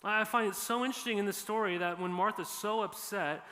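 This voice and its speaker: A man's voice: high-pitched, fairly quick, bright, forceful tone. A man preaching a sermon in an earnest, conversational way, repeating key phrases for emphasis. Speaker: pastor. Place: church sanctuary. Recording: long church hall reverb.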